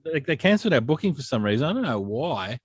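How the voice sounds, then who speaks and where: A man's voice: medium pitch, fast talker, slightly rough, no room sound. Blunt man, dry sound. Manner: blunt, animated storyteller. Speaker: podcast co-host. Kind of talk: casual chat.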